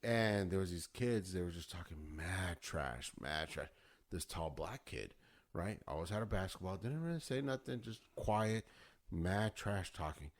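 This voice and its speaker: A man's voice: deep voice, expressive, measured pace. A man guesting on a casual chat, laid-back and slangy, laughing along and telling school stories.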